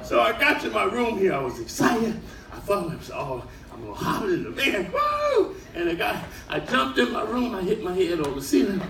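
An older man performing a stand-up comedy set on a cruise ship, telling stories in an animated way and shouting his punchlines. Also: fairly quick, gravelly. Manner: animated storytelling, shouting punchlines, high-pitched put-on cries. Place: cruise ship show lounge with a live audience. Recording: roomy live audio from far off, loud crowd.

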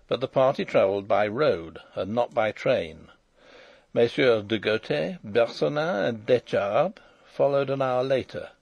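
A gruff, cold-blooded old courtier speaks in a rough, blunt, businesslike way, his gravelly and husky voice rising and falling a lot, as a male audiobook reader puts him on. The recording is dry and close. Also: mid-range voice, a little mellow, dry recording, lo-fi sound. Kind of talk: audiobook character reading.

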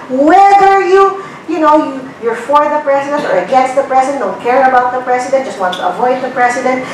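High-voiced Filipino woman lecturing in an echoey hall. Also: distant mic, a little hiss or hum. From Philippines. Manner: blunt and animated, with rhetorical questions. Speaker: guest lecturer. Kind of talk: lecture to a business class. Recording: very echoey room recording from afar.

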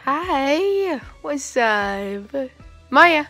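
A teenage girl's fairly high voice, pushed and bright, comes across animated yet slow as she vlogs playfully with her dogs and viewers. It's filmed on a phone camera inside the family home, with soft music behind.

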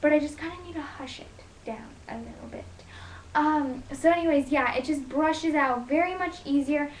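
A woman's voice: sits high, moderate pace, a little hiss or hum. A young woman vlogger giving a casual hair tutorial, rambling and emphatic, with lots of fillers. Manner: loud, emphatic delivery. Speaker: beauty vlogger. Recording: echoey room.

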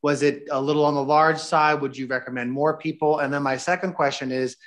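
A man's voice: on the high side, steady tone, fairly quick, a bit bright. Male board member, politely dry. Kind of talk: asking questions at a board meeting.

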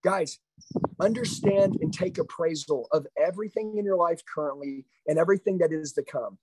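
A man's voice: fairly high pitch, moderate pace, darkish tone, husky, no echo, poor audio. A middle-aged man giving a live motivational sales training, intense, confrontational and profane.

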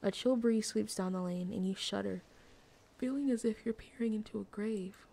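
A woman's voice: mid-range voice, normal speed, gravelly, mellow. A woman streamer reading a visual novel aloud, adding playful asides between lines. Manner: reads game text aloud with playful asides. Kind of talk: casual game narration.

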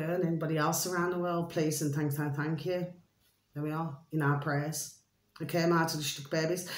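A woman, rambling to camera in a chatty, digressive monologue, repeating the same pet phrase for her viewers. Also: fairly low pitch. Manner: chatty, repetitive, keeps saying "my delicious little babies"; loose and digressive with many fillers. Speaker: vlogger. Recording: roomy echo.

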